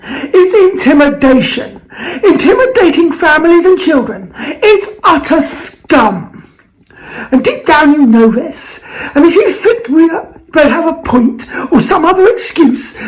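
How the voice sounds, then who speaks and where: High, heated British woman ranting. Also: low-quality recording. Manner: heated, sweary, voice cracking between laughter and tears. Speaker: vlog host. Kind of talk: angry ranting monologue.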